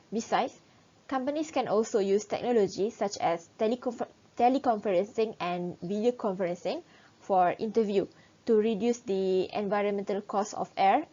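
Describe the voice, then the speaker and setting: Young woman reading a presentation. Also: mid-range voice. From Malaysia. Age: young adult. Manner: steady, read-aloud delivery with small restarts. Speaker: student presenter. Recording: dull lo-fi recording.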